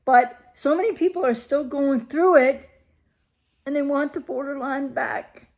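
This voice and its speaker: A woman's voice: high voice, a little slow, vocal fry, a little mellow. A woman recovery coach talking straight to her viewers, emphatic and full of rhetorical questions. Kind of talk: direct-to-camera advice talk.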